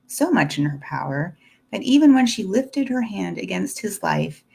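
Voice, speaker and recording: A woman reading a classic novel aloud in the first person, steady and deliberate. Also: mid-range voice, gravelly, slightly rough. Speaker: audiobook narrator. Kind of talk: scripted narration of a classic novel.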